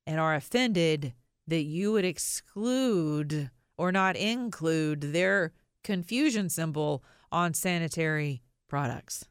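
A woman with a notably low voice delivers an opinionated podcast monologue. She is blunt and sarcastic, slowing down to lean hard on single words. The sound is dry and close, with no room around it. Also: animated, clear, resonant tone, no room sound. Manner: emphatic, stresses single words slowly for effect. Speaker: podcast host.

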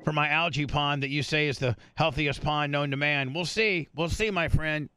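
A man's voice: a little high, moderate pace, pushed and bright, clean tone, no echo. A man hosting an uncensored radio show, talking loose, profane and joking. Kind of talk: casual uncensored radio banter.

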